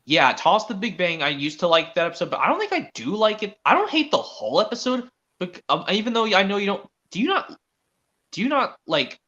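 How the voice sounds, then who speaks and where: A young man chats casually on a stream, rambling through restarts and hesitant questions. His voice is bright and a little high, with lively ups and downs. The audio is dull and lo-fi. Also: fairly quick. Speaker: stream host. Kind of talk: casual chat.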